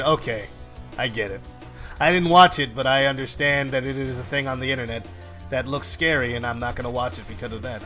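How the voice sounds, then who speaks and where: Man, bright voice, joking casual stream chat, faint music behind. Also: medium pitch, brisk. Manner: joking, animated, trails off while focused. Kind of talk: casual chat while working.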